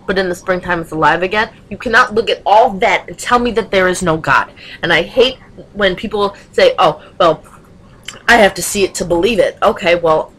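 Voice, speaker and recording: A young woman vlogger talks straight into her webcam in a casual rant, emphatic and passionate, full of rhetorical questions. Her medium-pitched voice is fairly bright and slightly rough, on a rough recording.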